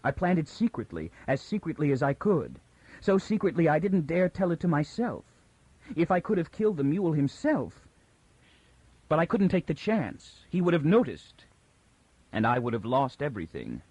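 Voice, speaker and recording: A man voicing a frightened young woman who reasons tensely through her fear, pitched above his own voice. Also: sing-song, normal speed, a little mellow, slightly rough, no echo, lo-fi sound. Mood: fearful.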